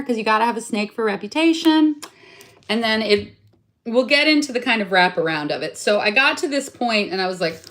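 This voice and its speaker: A young adult woman showing off a craft project in a casual vlog, chatty and rambling, often correcting herself mid-sentence, playfully self-mocking. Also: medium pitch. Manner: enthusiastic and self-mocking about her detail. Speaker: craft vlogger. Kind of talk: casual show-and-tell.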